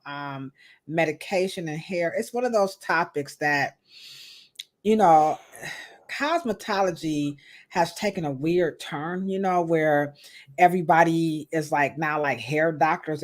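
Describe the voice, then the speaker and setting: A woman in her thirties hosting a live podcast, chatting playfully and greeting viewers in the chat. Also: low voice. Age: 30s. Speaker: podcast host. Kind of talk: casual livestream chat.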